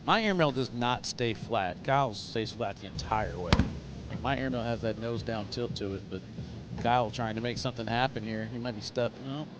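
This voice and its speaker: A man's voice: mid-range voice, moderate pace, background noise. A man doing live play-by-play commentary, chatty and joking between calls. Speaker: sports commentator.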